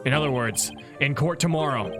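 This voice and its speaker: A man doing an earnest young defense lawyer in a mystery game, mock-serious and steady. His voice sits at a middle pitch over game music. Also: a little fast, natural voice.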